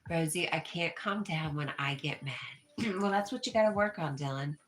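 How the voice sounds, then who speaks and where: A New York woman with a strikingly low voice runs a casual livestream, reading viewer comments out loud at a moderate pace. She comes across as easygoing and gently reassuring, chuckling often.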